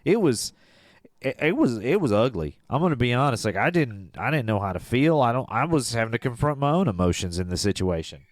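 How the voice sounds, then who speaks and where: Deadpan man telling a tall tale. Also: mid-range voice, a little fast, no echo, clean studio sound. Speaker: podcast co-host. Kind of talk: comedic storytelling chat.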